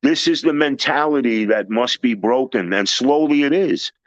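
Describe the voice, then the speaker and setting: A man's voice: medium pitch, normal speed, dry recording. Blunt New man telling stories. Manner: blunt, animated, plays the people he quotes. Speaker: storyteller host. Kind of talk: casual storytelling. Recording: dry, dull lo-fi recording.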